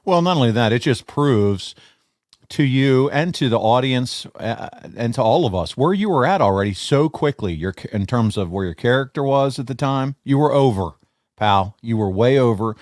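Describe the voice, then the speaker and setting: A man's voice: medium pitch, expressive, moderate pace, darkish tone, no echo, studio quality. Joking male interviewer. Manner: friendly, joking, chummy asides. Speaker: interview host. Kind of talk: casual interview.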